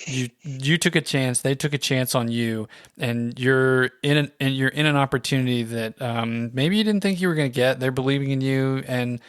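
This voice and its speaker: A man hosting a podcast in casual chat, relaxed and supportive, swearing casually. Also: medium pitch, moderate pace, smooth, dry recording, studio quality. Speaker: podcast host. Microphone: remote call mic.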